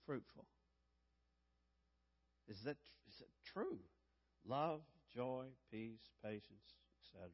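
A man's voice: medium pitch, in a large hall, muffled recording. A man preaching a sermon as pastor, emphatic, repeating key phrases and calling out to the congregation for responses.

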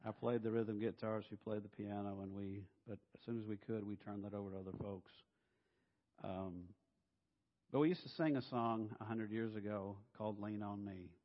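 A middle-aged man, a pastor, preaching a sermon in an animated, humorous way and acting out voices. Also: on the low side, normal speed. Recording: dull sound in a reverberant hall.

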